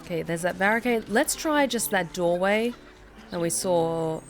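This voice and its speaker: A woman streaming a video game, thinking aloud in casual commentary with quick asides and the odd mild curse. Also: on the low side, animated, soft background music.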